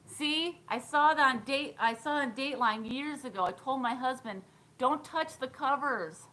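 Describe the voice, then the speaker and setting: A woman's voice: high-pitched, moderate pace, sharp tone, low-quality recording. A woman in her thirties chatting casually on a live stream, giggling often and answering viewer comments. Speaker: thrift vlogger.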